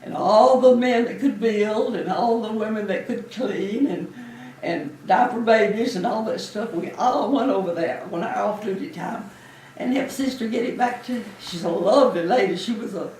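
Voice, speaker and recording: A woman in her eighties who served as a Navy nurse looks back on her life in an interview. Her medium-pitched voice moves at a normal speed with few pauses, and she's a warm, talkative storyteller who often laughs. A little hiss or hum, an echoey room, and a far-off mic mark the recording.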